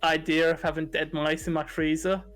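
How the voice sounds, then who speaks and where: A man's voice: a little high, level tone, moderate pace, fairly bright tone, soft background music. A young man, co-hosting a casual livestream podcast, chatty, giggly and open about his feelings. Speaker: podcast co-host.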